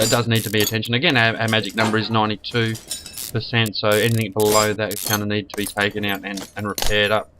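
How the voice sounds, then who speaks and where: Croaky man with a cold. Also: on the low side. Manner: rambling, repeats and restarts words. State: hoarse from a cold, sniffly. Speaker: gaming channel host. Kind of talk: casual game commentary. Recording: noisy background.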